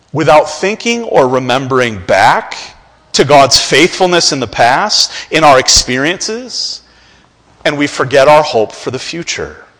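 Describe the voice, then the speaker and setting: A man preaching with a high, very lively voice that swoops up as he pleads. His delivery is impassioned and earnest. A long reverb trails behind him, as if he were in a large hall. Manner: impassioned, rises in pitch when pleading. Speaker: pastor. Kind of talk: sermon.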